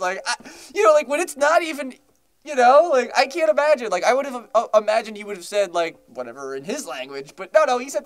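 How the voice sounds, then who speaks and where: A man's voice: very high voice, lively intonation, fast talker. A young man co-hosting a podcast, chatting casually, rambling with many fillers and restarts and laughing often. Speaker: podcast co-host. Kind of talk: casual chat.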